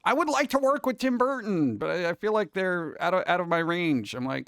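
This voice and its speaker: A male streamer chats casually with his live audience in a voice pitched a little above the usual for a man. He rambles and jokes, hopping from one topic to the next. The sound is dry and close, with no room ring at all. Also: expressive, a little fast, vocal fry, few pauses, a bit bright, no room sound. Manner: rambling, jokey, jumps between topics. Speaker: cartoon creator and streamer host.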